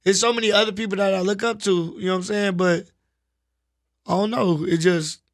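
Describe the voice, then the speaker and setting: A man talking casually in an interview, relaxed and slangy, often saying "you know what I'm saying.". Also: sits high, a little fast, no room sound, clean studio sound. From Los Angeles, US. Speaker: rapper guest. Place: studio.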